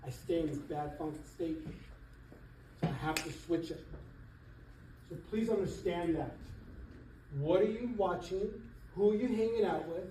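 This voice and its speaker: A middle-aged man, a real estate coach, giving an animated motivational seminar talk to an audience in a church hall. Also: high voice, unhurried, pauses often, background noise. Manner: emphatic, animated, laughs between points. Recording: echoey hall, voice from far off.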